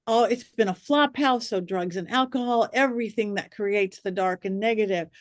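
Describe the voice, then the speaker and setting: A woman's voice: mid-range voice, normal speed, no room sound, studio quality. A woman guest, a psychic medium, telling stories animatedly in a podcast interview and acting out the voices of the people in them. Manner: lively, acts out quoted voices.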